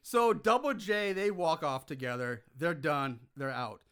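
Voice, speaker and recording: A man co-hosting a podcast, recounting a movie's plot in casual chat with lively, exasperated asides. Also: fairly high pitch, measured pace, smooth. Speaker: podcast co-host.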